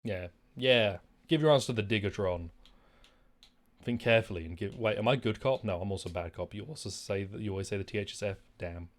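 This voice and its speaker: A man's voice: on the low side, fairly quick. A man streaming a game and chatting casually, rambling and swearing freely. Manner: rambling, profane, animated. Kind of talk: casual gaming commentary.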